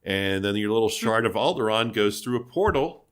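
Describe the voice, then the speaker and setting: Low-voiced man rambling about a game. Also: expressive, normal speed. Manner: laid-back, rambling with many fillers. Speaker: podcast co-host. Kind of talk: casual gaming podcast chat.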